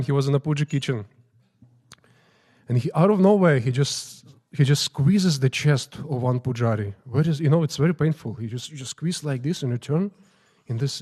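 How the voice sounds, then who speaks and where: A temple priest telling informal, halting stories about his teacher during morning prayers in a temple. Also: on the high side, darkish tone. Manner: informal, halting, restarting phrases. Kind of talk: storytelling talk at morning prayers.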